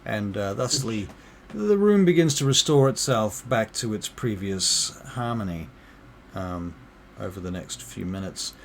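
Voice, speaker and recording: A man narrating a tabletop game as game master, relaxed and full of fillers. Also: lowish voice, a little slow, gravelly, slight background noise.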